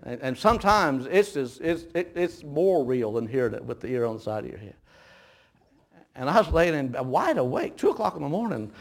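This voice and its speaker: A man preaching a sermon, telling a folksy story with laughter that turns hushed and grave, with audible gasps between phrases. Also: mid-range voice, very animated, normal speed, gravelly. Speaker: pastor.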